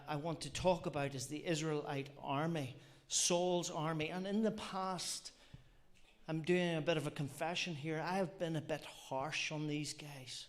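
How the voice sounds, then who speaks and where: Slow, earnest preacher man. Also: a little high. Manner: earnest, reflective, repeats phrases and asks rhetorical questions. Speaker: lay preacher. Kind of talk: sermon.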